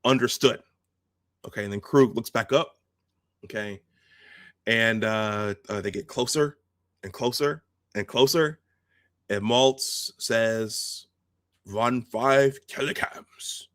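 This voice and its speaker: A man hosting a video, telling a film's story in a casual, halting, animated way and acting out the scenes. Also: fairly low pitch, no echo, studio quality. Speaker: host. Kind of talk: casual film retelling.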